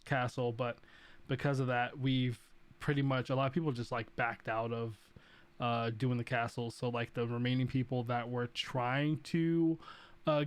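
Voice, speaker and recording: A man's voice: mid-range voice, clear, resonant tone. A man hosting a casual gaming chat, talking at length with lots of fillers. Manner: rambling, many fillers. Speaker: podcast host.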